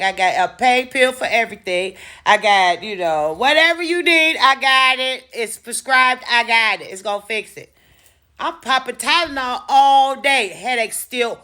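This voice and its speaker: A woman telling a personal story to camera in a casual vlog, animated and freely cursing. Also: on the high side. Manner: animated, profane, dramatic storyteller. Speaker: storytime vlogger.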